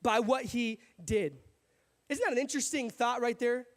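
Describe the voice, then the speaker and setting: A young male pastor preaches with a very high voice, telling the story in a lively, animated way. The sound rings with long reverb from a large hall. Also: moderate pace. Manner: storytelling, animated, acts out characters. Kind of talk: sermon.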